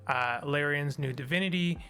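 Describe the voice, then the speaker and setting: A man's voice: a little high, normal speed, sharp tone, clean tone. A man hosting a casual solo commentary on games, talking in a rambling, tired and cynical way with many restarts. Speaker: gaming video host.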